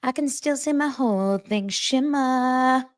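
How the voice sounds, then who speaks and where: A woman doing a breathy, sing-song impression of a famous female pop star in a gossip chat. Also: high voice, measured pace, no echo, clean studio sound, soft background music, voice pushed up.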